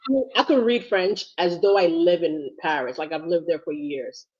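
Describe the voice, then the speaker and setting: A woman from Ghana co-hosting a casual livestream chat, a little under the weather, chatty and quick to laugh. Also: on the low side, darkish tone, slightly rough. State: sick, struggling. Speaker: co-host. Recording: dull lo-fi sound.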